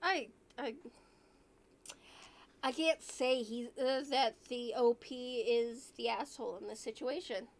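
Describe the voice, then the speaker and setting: A woman with a high voice leads a casual streamed podcast. She talks earnestly and asks her guests questions. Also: takes it slowly. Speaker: podcast host. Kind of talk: casual chat.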